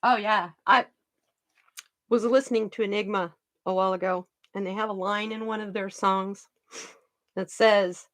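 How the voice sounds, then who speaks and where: A woman's voice: medium pitch, steady tone, a little slow, long pauses, a bit bright, dry recording. A woman hosting a card-reading channel, chatting earnestly and animatedly, with restarts and trailing phrases. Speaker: card reader and channel host. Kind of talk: casual storytelling chat.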